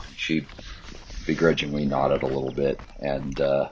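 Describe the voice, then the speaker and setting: A man's voice: very deep voice, little pitch movement, brisk, highs cut off, noisy background. A man narrating a voice-over in a wry, amused storytelling manner. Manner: wry, amused anecdote telling. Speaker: runner narrating his race.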